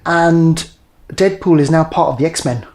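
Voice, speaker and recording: A man's voice: on the high side, unhurried, darkish tone. A man co-hosting a casual film review, talking enthusiastically and rambling with many fillers and restarts.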